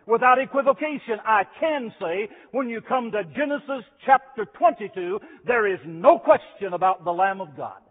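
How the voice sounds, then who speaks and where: A man's voice: sits high, husky. A middle-aged man preaching a sermon in a chapel, with a rhythmic, repetitive cadence. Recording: phone-like archival chapel recording with long reverb.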